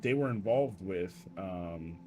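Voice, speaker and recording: A man's voice: deep voice, expressive, slow pace, darkish tone, soft background music. A tired young man rambling profanely in a casual late-night monologue, full of fillers, restarts and coughs. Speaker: streamer.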